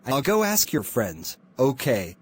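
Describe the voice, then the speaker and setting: A man's voice: medium pitch, wildly swooping pitch, unhurried, breathy edge, full character voice. Gordon, a man doing a breezy specialist. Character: cheerful self-assured male hiccup specialist.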